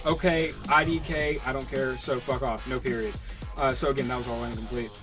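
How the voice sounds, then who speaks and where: A man's voice: mid-range voice, fairly even intonation, brisk, over music. A young man co-hosting a podcast in casual chat, reading out online comments in a mocking way, with many fillers. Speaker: podcast co-host.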